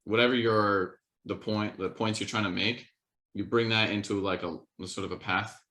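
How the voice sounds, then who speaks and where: A man's voice: fairly low pitch, steady tone, moderate pace, pushed and bright. A young man co-hosting a podcast in casual chat, talking in a rambling, hesitant way with lots of fillers. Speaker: podcast co-host.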